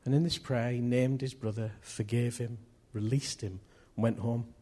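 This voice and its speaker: Man, sermon, earnest, repetitive phrasing, husky, medium pitch. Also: steady tone, a little slow, dark tone. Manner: earnest, repeats key phrases. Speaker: preacher.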